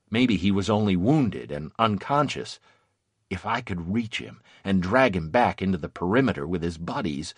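A man narrating a first-person memoir in a measured, grave reading. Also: sits low, no room sound.

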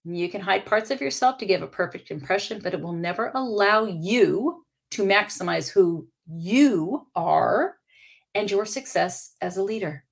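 Candid woman podcast host, gravelly edge. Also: medium pitch, lively intonation, a little slow. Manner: candid and emphatic, with casual swearing. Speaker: podcast host and leadership coach. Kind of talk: motivational podcast monologue.

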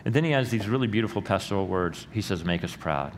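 A middle-aged male pastor preaching a sermon in a church, earnest and rising to loud emphatic peaks. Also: deep voice, lively intonation, fast talker. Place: church sanctuary. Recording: long hall reverb with faint room noise.

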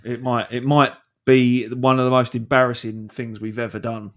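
A man's voice: medium pitch, flat delivery, normal speed, a bit bright. A British man co-hosting a live podcast, tossing out dry wisecracks and song references in loose banter. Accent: British English. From Britain. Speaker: podcast co-host.

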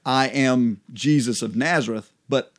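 A man co-hosting a casual Bible study chat, relaxed and laughing often as he explains. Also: medium pitch, unhurried. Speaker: co-host.

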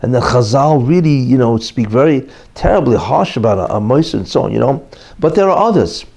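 Rambling male religious teacher, mellow voice. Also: medium pitch, animated, a little fast, creaky. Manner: rambling, frequent "you know" asides and restarts. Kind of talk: informal Torah class talk.

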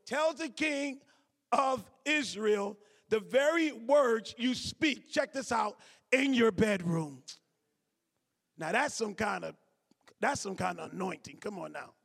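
A man with a very high-pitched voice preaches a sermon, drawing out scripture verses slowly and pausing to call out to his congregation. His voice rings through a large church sanctuary with a long reverb tail. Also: fairly bright tone.

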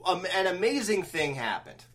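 Higher-voiced man rambling through a story. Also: moderate pace. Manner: rambling, animated storyteller with many restarts. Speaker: podcast host. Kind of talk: casual podcast chat.

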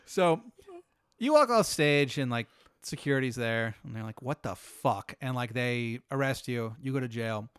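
Smooth-voiced man spinning a rambling story. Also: medium pitch, lively intonation, moderate pace, no room sound, studio quality. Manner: laid-back, rambling, lots of "like". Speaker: host. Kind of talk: improvised hypothetical storytelling.

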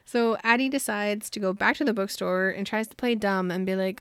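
A woman's voice: mid-range voice, a little fast, a bit bright, clean tone, no room sound. A woman co-hosting a book podcast, chatting casually and animatedly as she retells scenes and acts out the characters' lines. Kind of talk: casual chat.

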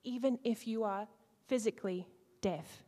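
A woman leading an interactive teaching talk to a church group, playful, swinging between loud and hushed and acting out lines. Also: fairly high pitch, moderate pace. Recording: long hall reverb.

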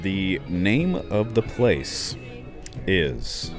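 Man, from the United States, relaxed, laughs a lot, slow careful attempts at hard words, clear music behind. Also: sits low. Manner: easygoing, laughing, tries hard words slowly. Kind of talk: casual chat. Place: outdoors at a convention.

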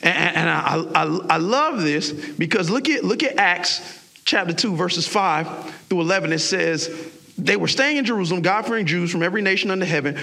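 A young man from South Florida preaches. His voice sits high and bright, with a gravelly, husky edge. He throws himself into the sermon and slips into voices for the people in his stories. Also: moderate pace. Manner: animated preaching with voiced asides and impressions. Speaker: pastor.

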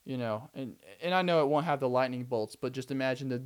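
A man's voice: medium pitch, steady tone, a little fast, clean tone. A young man hosting a casual solo podcast, rambling animatedly and acting out scenes with frequent laughs. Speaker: podcast host.

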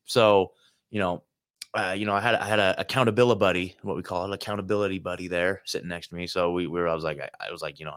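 Recorded in a hotel room, a man hosting his own show tells a road-trip story as a loose, rambling monologue packed with filler words and swearing. His voice is low and a bit bright, and he talks fast.

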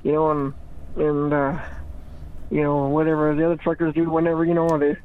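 A man's voice: a little high, completely flat delivery, fairly quick. A man chatting in a rambling, giggly way, often restarting his sentences and laughing. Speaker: podcast regular. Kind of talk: rambling casual chat. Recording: tinny phone-like sound.

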